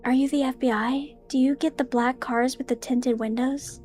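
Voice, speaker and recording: A woman voicing creepy teenage twin girls in a plain, flat monotone. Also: sits high, normal speed, faint music behind, close to an everyday voice.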